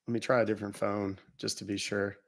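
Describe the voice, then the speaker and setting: Fast and flat, his gravelly voice on the low side, a man hosts a live stream calling scammers. Between calls he tells stories and jokes in a casual way, laughing at his own lines.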